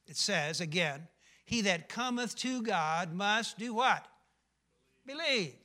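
A man's voice: high voice, lively intonation, slow, bright, forceful tone. An older male pastor preaching a sermon, emphatic, often asking the congregation questions.

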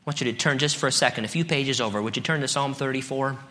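Middle-aged pastor preaching, talks casual then builds up loud, bright forceful voice. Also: male voice, mid-range voice, quick pace. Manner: conversational preaching with rising emphatic peaks and scripture reading. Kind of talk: sermon.

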